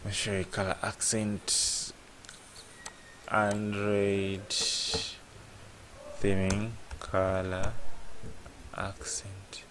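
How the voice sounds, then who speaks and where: A man's voice: on the low side, completely flat delivery, extremely slow, pauses often, noisy background. A man tutoring app programming in a casual lesson, thinking aloud and asking "what?" before he answers himself. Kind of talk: casual screen-share coding lesson.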